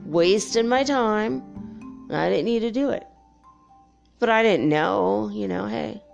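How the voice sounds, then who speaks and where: Middle-aged woman, gravelly fry, mid pitch, chatty, swears a lot, lively storyteller. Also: slow, lo-fi sound, faint music behind. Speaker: spiritual vlogger. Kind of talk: casual chat.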